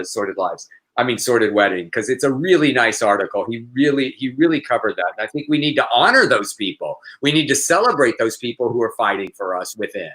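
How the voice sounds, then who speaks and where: A man co-hosting a live news chat show, talking in an animated way and laughing easily. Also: medium pitch. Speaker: co-host.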